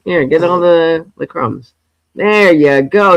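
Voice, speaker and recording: A man hosting a livestream, reacting to a debate with mocking, profane commentary that swings from low muttering to loud outbursts. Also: expressive, measured pace, no echo.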